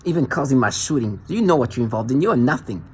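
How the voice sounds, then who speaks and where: A man's voice: mid-range voice, expressive, fast, breathy edge. A man delivering an angry, accusatory monologue to the camera, ranting and repeating himself in a confrontational way. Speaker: vlogger.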